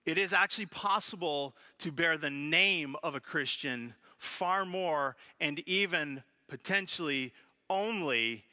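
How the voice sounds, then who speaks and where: A man preaching a sermon as pastor, telling funny family stories with lively animation. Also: on the high side. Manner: storytelling with humor, animated. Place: church sanctuary.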